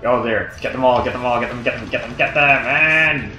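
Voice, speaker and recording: A young man playing a video game and commentating, loud and profane, breaking into high yells when things go wrong. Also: brisk, soft background music. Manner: loud, swearing, bursts into high-pitched yells. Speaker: gamer. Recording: roomy dull home recording.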